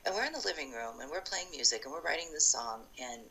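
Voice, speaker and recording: Low-voiced woman with a bright, forceful tone; chatty interview storyteller from Ohio. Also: fast, rough recording. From Ohio, USA. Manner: chatty and animated, acts out past dialogue; frequent fillers and restarts, laughs while telling. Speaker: former homeowner telling her story. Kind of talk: casual spoken storytelling interview.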